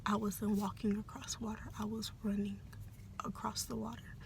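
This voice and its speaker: A young adult woman telling a personal story in a soft, hesitant, often half-whispered way, with many fillers. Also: mid-range voice, flat delivery, moderate pace, vocal fry, slight background noise. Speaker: vlogger.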